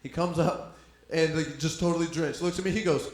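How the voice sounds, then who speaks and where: A man doing a stand-up comedy set, animated and acting out voices in his stories. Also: fairly high pitch, fairly quick. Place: club room with audience. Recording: echoey room.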